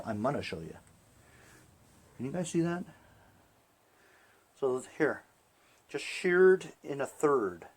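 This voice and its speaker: A man demonstrates a lawn tractor engine repair in a casual, hands-on video, chatting to viewers as he goes. This small-engine repair vlogger has a husky, mid-range voice with lively intonation, and he speaks unhurriedly, pausing often.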